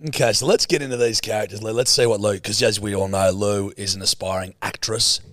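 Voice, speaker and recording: A man's voice: lowish voice, fairly even intonation, a little fast, a bit bright, no room sound. A laid-back man, hosting a casual podcast and swearing freely. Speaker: podcast host.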